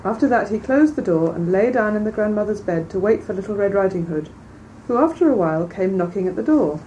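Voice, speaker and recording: Female reader-lecturer, measured and clear, mellow tone; mic set back, faint hiss behind. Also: medium pitch, animated. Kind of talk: storybook reading, then lecture commentary. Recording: distant mic, faint background noise.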